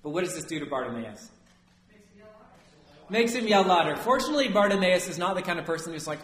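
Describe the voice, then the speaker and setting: A man preaching a sermon as a priest, lively and conversational, often asking his listeners "right?". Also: high voice, fairly quick, long pauses, reverberant.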